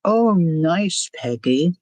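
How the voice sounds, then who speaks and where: A woman's voice: on the low side, expressive, extremely slow, darkish tone, dry recording, rough recording. A woman hosting a crafting livestream, chatting casually, thinking aloud and answering viewer comments as she works. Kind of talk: casual chat while crafting.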